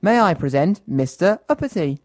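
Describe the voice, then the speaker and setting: A man doing a cheeky high little goblin. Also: expressive, normal speed, a little mellow, no room sound, clean studio sound. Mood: teasing.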